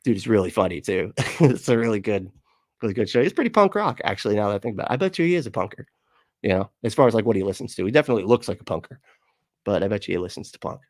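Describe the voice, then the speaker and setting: A low-voiced man hosts a casual livestream, reading his chat aloud and rambling through loose thoughts. He laughs often and swears freely. The sound is dry and close, with no room around him. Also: very animated, racing, a little mellow, dry recording.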